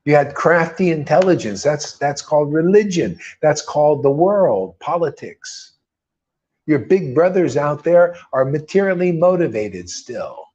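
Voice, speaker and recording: A man's voice: a little high, lively intonation, a little slow, darkish tone, lo-fi sound. A man preaching in a loose, informal way, fervent and rambling, peppering his talk with slang and mocking voices. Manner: mocks others in put-on quoted voices. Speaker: spiritual teacher.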